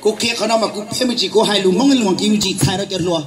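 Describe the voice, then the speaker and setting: Man with a Hmong accent, very high voice, animated comedic storyteller, live crowd audible. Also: very fast. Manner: animated, switching between languages. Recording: live audience crowd noise.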